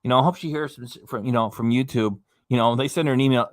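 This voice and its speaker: A man's voice: medium pitch, fast talker, few pauses. A man casually commenting as host of a reaction channel, chatty and rambling, laughing often as he talks.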